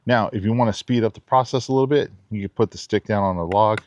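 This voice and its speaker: Showing off a knife in his backyard, a man who reviews knives talks in a laid-back, casual outdoor demo, tossing in giggly asides. His voice is fairly low and a little mellow, his pace quick, with slight background noise.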